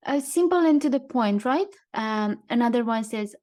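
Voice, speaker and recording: A woman's voice: on the high side, animated, normal speed, a little mellow. A woman co-hosting a casual podcast, talking through things she has read in a thoughtful way. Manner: thoughtful, reads out quotes and card lines. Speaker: podcast co-host. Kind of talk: casual podcast chat, partly read from notes.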